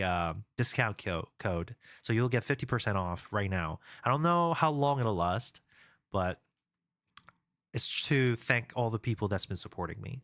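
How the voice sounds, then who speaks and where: Reading out viewers' comments on his live stream, a game developer rambles casually, full of fillers and restarts. He speaks with a medium-pitched, fairly bright voice, and the clean studio sound has no echo.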